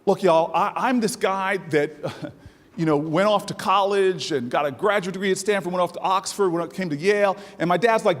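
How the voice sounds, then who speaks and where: A man's voice: high voice, normal speed. A man giving a stirring, preacher-like speech to a conference, building to soaring emphasis. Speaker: keynote speaker. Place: large conference hall. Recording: long reverb of a large hall.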